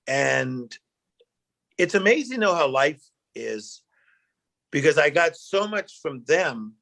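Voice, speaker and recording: A middle-aged man, a guest speaker, telling animated personal stories in a chat and acting out the quotes. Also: on the high side, slow pace, gravelly. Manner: animated storyteller, acts out quotes, emotional. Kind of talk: storytelling interview chat.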